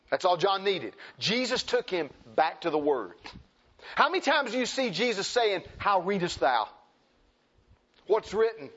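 A preacher delivers a sermon, driving points home by repeating them and reading King James scripture aloud. His voice sits a little high for a man. The recording is muffled and lo-fi. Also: breathy edge. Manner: emphatic, repeats phrases, exhorting.

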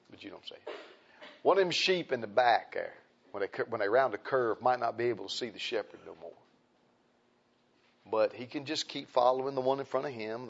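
A man's voice: mid-range voice, creaky. A man preaching a sermon in a folksy, emphatic way, often repeating his phrases. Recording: dull lo-fi recording.

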